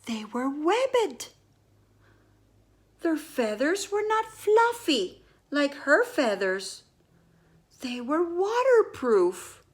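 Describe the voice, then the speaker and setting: Slow, high-voiced woman reading a story aloud. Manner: slow, expressive, exclaiming. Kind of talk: reading a picture book aloud.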